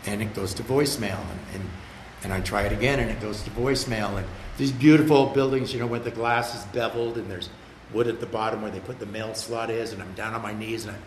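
A man's voice: lowish voice, fast. An older man earnestly telling a personal story about getting sober, in a conversational way, sometimes repeating words. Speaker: storyteller sharing his recovery story. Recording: roomy with faint background noise.

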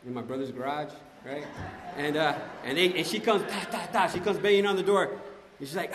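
A man's voice: fairly high pitch, steady tone, fairly quick, noisy background. A man giving a conversational, emphatic personal testimony at a recovery meeting, often asking "right?". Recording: echoey hall, faint ambience.

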